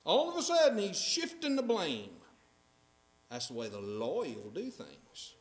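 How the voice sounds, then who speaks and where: Emphatic preacher, lively high voice. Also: male voice, unhurried. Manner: emphatic, asks the congregation questions. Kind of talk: sermon. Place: church sanctuary. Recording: echoey church sanctuary.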